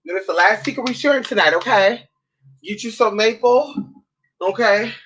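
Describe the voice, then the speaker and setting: A woman's voice: a little high, normal speed, a bit bright, low-quality recording. A woman vlogging at home, chatting to her viewers in a sassy, profane way and calling them girl and honey. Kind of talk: casual chat to camera.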